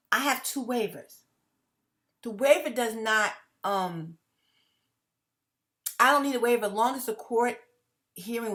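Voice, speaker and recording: Animated, rambling woman vlogger. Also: mid-range voice. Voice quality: animated, laughing, swinging from loud to hushed. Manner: rambling with restarts and repeats; blunt, curses freely. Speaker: vlogger addressing viewers. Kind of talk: casual direct-to-camera monologue.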